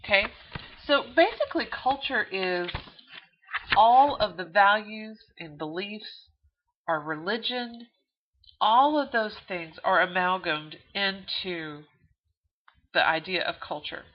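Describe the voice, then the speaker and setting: A woman's voice: medium pitch, expressive, slow pace, a little hiss or hum. A woman with a Texan accent, a college instructor giving a chatty recorded video lecture with frequent fillers. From Texas. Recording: dull lo-fi video audio.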